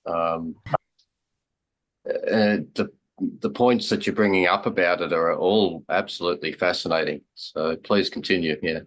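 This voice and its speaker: A man's voice: deep voice, steady tone, a little slow, rough recording. A man taking part in an online class, commenting encouragingly over a video call. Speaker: class participant.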